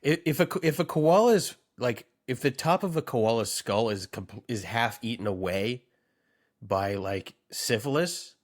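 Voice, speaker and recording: A man's voice: medium pitch, measured pace. A man co-hosting a comedy podcast, riffing and joking in casual chat. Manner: joking, animated riffing with bursts of laughter. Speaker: podcast co-host.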